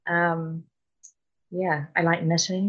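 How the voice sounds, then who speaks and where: A woman's voice: on the low side, flat delivery, slow pace, dull audio. A New Zealand woman in her forties, a podcast guest talking in a modest, hesitant way. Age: 40s. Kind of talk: casual conversation.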